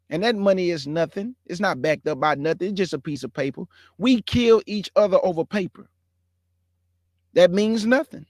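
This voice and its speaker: High-voiced man, earnest impassioned monologue. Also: dry recording, studio quality. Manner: earnest, addresses listeners as family and bruh; grows heated and emphatic. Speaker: show host.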